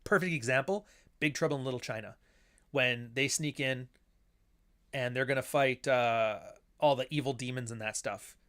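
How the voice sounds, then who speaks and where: A man in casual film commentary, rambling from one thought to the next. His voice sits at an ordinary middle pitch. He swears freely and slips into quoted lines as he goes. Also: moderate pace, a bit bright. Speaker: author and host.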